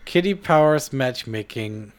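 Podcast host, casual chat, slow talker, very lively pitch, playful questions, laughs a lot.

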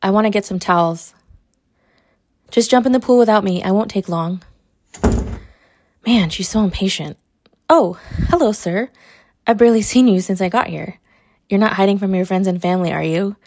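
A woman's voice: mid-range voice, creaky, darkish tone, no echo, studio quality. A young adult woman performing a scripted audio role-play, teasing and mocking with frequent laughter. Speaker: college athlete character in an audio role-play.

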